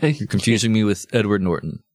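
Deadpan, sarcastic man co-hosting a podcast. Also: lowish voice, a little fast, no room sound. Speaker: podcast co-host. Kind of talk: casual comedic podcast banter.

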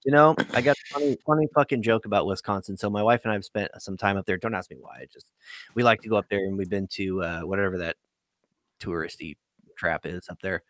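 A man's voice: fairly low pitch, fast, fairly bright tone. A man telling a rambling, profane story in a casual chat as a podcast host.

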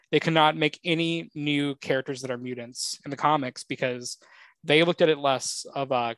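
A man co-hosting a pop-culture podcast in loose, rambling chat. His voice sits a little high and is recorded dry, with no room sound. He pads his thoughts with ums and uhs and gets excited about his fandom. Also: dry recording. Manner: rambling, with frequent filler words; excitable fan enthusiasm. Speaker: podcast co-host.

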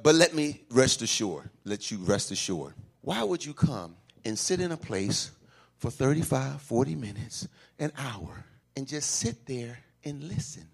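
A male pastor preaching in a church, swinging from shouts to hushed asides and calling for responses. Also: medium pitch, vocal fry, husky. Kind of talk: call-and-response sermon.

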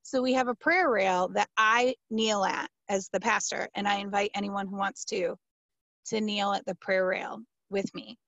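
A woman pastor answering interview questions, telling a story in an animated, emphatic, casual way with many fillers. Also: medium pitch, normal speed, no echo, muffled recording.

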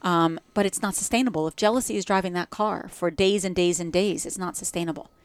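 A woman's voice: lowish voice, fast talker, clean tone, no echo. A woman with a New Jersey accent, a guest in a casual podcast conversation, speaking reflectively about spiritual growth. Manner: reflective, spiritual, talks in metaphors.

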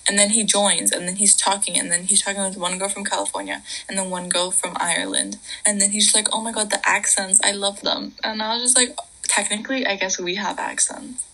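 Young woman, livestream chat, raspy, crackly, bright tone, chatty, whispery asides. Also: mid-range voice, fairly even intonation, a little fast. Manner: chatty, giggly, drifting into hushed whispers. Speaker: livestream co-host. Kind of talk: casual late-night livestream chat.

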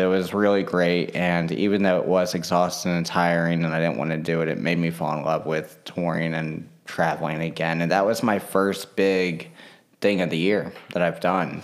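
A man in a casual vlog monologue, rambling with lots of fillers and restarts. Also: deep voice.

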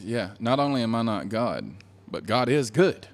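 A man in a casual religious discussion, animated, laughing often and acting out quotes. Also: mid-range voice, moderate pace. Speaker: podcast co-host.

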